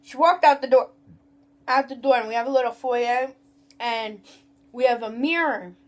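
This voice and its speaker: A young woman tells a story from work in a rambling, profane, casual rant. Her voice sits a little high for a woman. She keeps slipping into mimicry of rude customers. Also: normal speed. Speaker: vlogger.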